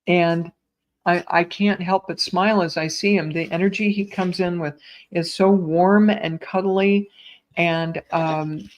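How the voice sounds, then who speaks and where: A woman psychic medium gives live readings over a stream, speaking in a soft and reassuring way to each viewer. Her voice sits a little low for a woman. The audio is a bit muffled, as from a computer mic on a live stream. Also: steady tone, unhurried. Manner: gentle, reassuring, addresses viewers as sweetheart and my dear.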